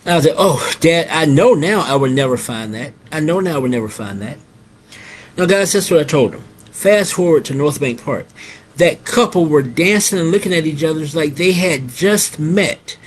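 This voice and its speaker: A middle-aged man hosting a casual storytelling monologue. He repeats his phrases and keeps addressing his listeners as guys. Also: on the high side. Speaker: host.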